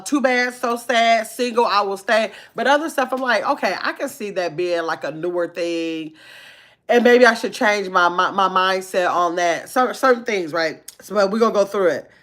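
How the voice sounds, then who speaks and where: A woman hosting a casual livestream, reading viewer comments aloud and chatting quickly and playfully. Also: mid-range voice. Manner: talks fast, says so herself; lively, chatty, laughs easily. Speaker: livestream host.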